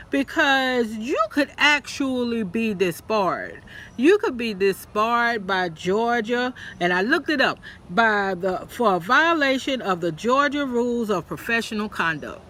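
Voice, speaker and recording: Sassy high-voiced man. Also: a little slow. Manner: sassy, animated, acts out quotes in a mocking voice. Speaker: reality TV commentator. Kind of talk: casual opinion vlog.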